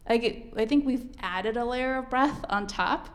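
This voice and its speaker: A woman's voice: on the high side, unhurried. A woman teaching a piano masterclass, coaching a student and singing rhythms aloud as she counts.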